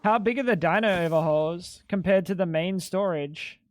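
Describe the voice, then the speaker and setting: A man's voice: high-pitched, normal speed, a little hiss or hum. A young adult man streaming a game live, joking and chatting playfully with his viewers. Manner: joking, playful, talks to chat. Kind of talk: casual live-stream chat while gaming.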